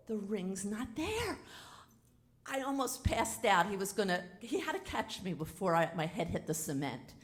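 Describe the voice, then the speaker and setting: A woman telling a personal story live on a theater stage, animated and frank, acting out the dialogue as she goes. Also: medium pitch, normal speed. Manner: animated, dramatic retelling with quoted dialogue; casual and frank. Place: theater stage before an audience.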